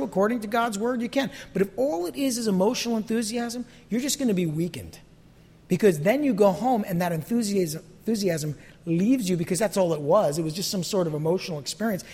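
A man's voice: sits high, darkish tone, breathy edge, long reverb tail. A man preaching a sermon as a pastor, acting out little voices and sometimes dropping to a near whisper.

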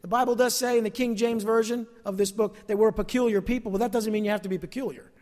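High-voiced preacher in a reverberant hall. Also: male voice, steady tone, fast talker, a little mellow. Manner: preaching with rhetorical questions and calls of "amen?". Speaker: pastor. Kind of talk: sermon. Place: church service.

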